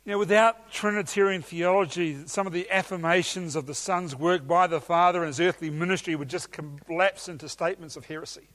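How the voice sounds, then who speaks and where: A man's voice: on the high side, fairly quick, few pauses, fairly bright tone. A man preaching a teaching sermon with emphatic enthusiasm and some hesitations.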